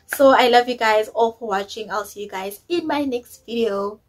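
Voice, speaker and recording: A woman's voice: fairly high pitch, moderate pace, low-quality recording. A woman, chatting opinionatedly as she recaps a reality show episode, dropping in isiZulu words. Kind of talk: casual recap chat.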